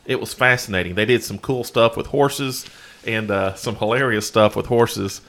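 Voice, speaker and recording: A man co-hosting a podcast with a bright, forceful tone. He rambles casually through his thoughts in relaxed conversational chat. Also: on the low side, moderate pace. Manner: rambling, many fillers and restarts. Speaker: podcast co-host.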